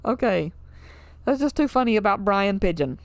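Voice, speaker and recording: A woman's voice: medium pitch, expressive, normal speed, no room sound. A young woman hosting a let's play of a dating game, chatting casually, swearing often and laughing as she reacts. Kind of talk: game commentary.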